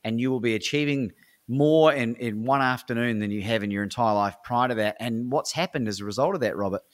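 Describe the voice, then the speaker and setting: Aussie guy on a podcast, coach type, hyped up and motivational, keeps saying "right?". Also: mid-range voice. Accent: Australian. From Australia. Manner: enthusiastic, motivational, with frequent fillers like "right?". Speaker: podcast guest, speaker and coach. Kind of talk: animated storytelling in a podcast interview.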